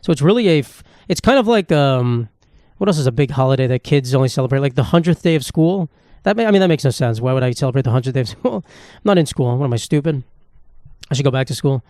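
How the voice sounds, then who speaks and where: Fast-talking profane young man. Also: mid-range voice, animated, mellow, dry recording, clean studio sound. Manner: rambling, profane, self-mocking. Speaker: podcast host. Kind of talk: casual solo podcast monologue. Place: home room with knickknacks.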